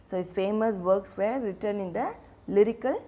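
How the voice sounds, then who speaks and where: A woman's voice: mid-range voice, dark tone. A woman teaching a literature lesson, asking questions and answering them herself, often repeating words and restarting phrases. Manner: slow, repeats names and restarts phrases while explaining.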